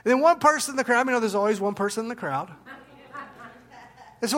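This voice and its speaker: A man preaching as pastor, in a relaxed storytelling manner with restarts and asides. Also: extremely high pitch, fast, long pauses. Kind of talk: sermon with a told joke. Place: church.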